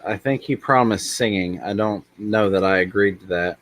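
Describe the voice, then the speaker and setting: A man's voice: fairly low pitch, normal speed, a bit bright. A man hosting a casual livestream chat, joking and self-deprecating as he rambles along. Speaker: livestream host.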